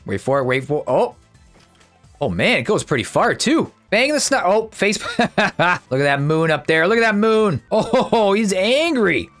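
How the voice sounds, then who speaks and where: Excitable man narrating gameplay. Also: high-pitched, unhurried, faint music behind. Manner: excitable, chatty, thinks out loud. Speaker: gameplay YouTuber. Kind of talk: casual gameplay commentary.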